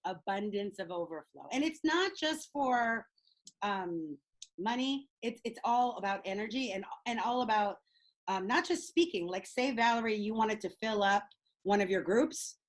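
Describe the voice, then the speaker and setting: A woman leading a group coaching call over video, bubbly and excitable, laughing often. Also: mid-range voice, moderate pace, rough recording. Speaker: speaking coach.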